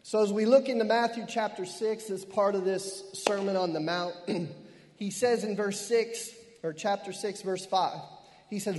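Brief: middle-aged male pastor, high-pitched, fervent and emphatic, in a church with long reverb. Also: steady tone, darkish tone. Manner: fervent preaching with frequent amens and hallelujahs; slows down hard on key phrases. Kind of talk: sermon.

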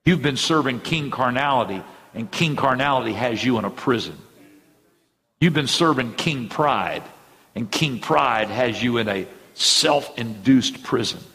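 A middle-aged male pastor preaching a sermon with fervent energy, speeding up and slowing down as he drives points home. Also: mid-range voice, animated, fairly bright tone. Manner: fervent preaching with sudden swings in pace. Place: church sanctuary. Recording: church hall reverb.

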